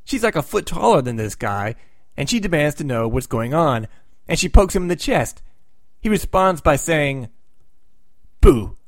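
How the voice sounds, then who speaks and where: Man, comic recap host, sarcastic asides, slightly high voice, very lively. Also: moderate pace, no room sound, clean studio sound. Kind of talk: comic book plot recap.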